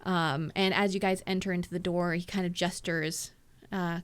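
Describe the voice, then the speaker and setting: A woman's voice: fairly low pitch, flat delivery, moderate pace, clear, resonant tone. Rambling woman narrating a game. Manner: rambling, descriptive, many fillers. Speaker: game master.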